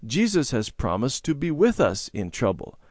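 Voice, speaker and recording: A man reading aloud and voicing a gentle, patient Sunday school teacher who explains things to children. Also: mid-range voice, very animated, normal speed, dry recording, studio quality, pitched above the performer's own voice. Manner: gentle and instructive.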